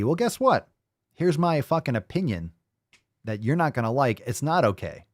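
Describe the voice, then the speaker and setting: Profane sarcastic man ranting, low and dry. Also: animated, brisk, dry recording. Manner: profane, sarcastic, mocking voices. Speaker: host. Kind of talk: ranting commentary.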